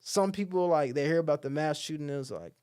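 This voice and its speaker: Young man from Alabama, podcast guest; higher voice, clean and smooth; animated, acts out quotes, lots of "like" and "bro". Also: fast talker. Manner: animated storyteller who acts out the people he quotes, heavy use of "like" and "bro". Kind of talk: casual conversation.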